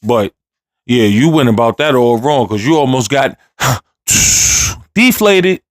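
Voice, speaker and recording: A man's voice: medium pitch, slow, dry recording, studio quality. A man giving laid-back, joking reaction commentary. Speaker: reaction host.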